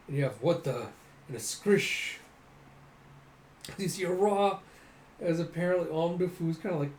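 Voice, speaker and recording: Man reading comics with sound effects. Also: fairly high pitch. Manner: animated, acts out sound effects. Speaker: comic readthrough host. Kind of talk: casual comic readthrough. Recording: echoey room, faint noise.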